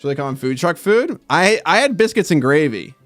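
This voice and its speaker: Lively, animated man streaming over faint music. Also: fairly high pitch, a little fast, dry recording. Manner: reads viewer comments aloud, bursts into loud mock outrage and swearing. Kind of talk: casual live-stream chat while drawing.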